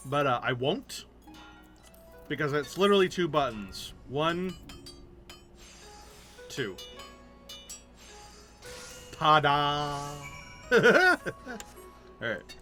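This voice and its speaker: A man's voice: a little high, very animated, very slow, long pauses, pushed and bright, soft background music. A man streaming a game, talking casually with chatty, jokey asides. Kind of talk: casual gaming commentary.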